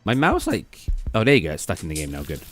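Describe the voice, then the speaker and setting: A man's voice: low voice, wildly swooping pitch, fast talker, faint music behind. A young British man chatting casually with viewers on a late-night stream, rambling with lots of fillers and restarts and reading chat aloud.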